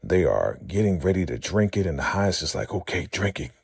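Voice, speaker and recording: A man's voice: low voice, sing-song, fairly quick, gravelly, darkish tone, breathy edge, dry recording, studio quality. A man hosting a casual vlog recap of a TV episode, chatty and calling his viewers fam.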